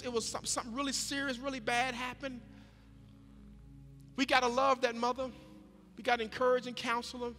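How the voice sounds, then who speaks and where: A man's voice: high-pitched, sharp tone. A middle-aged man preaching a sermon as pastor, folksy and emphatic, often repeating his words. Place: church sanctuary. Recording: long church reverb with faint music.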